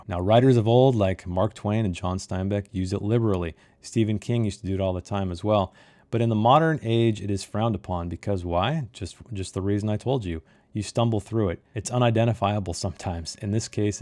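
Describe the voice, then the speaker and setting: A man's voice: lowish voice, a little mellow. A man reviewing a novel in a critical monologue, emphatic and fond of repeating key phrases for effect. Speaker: book reviewer.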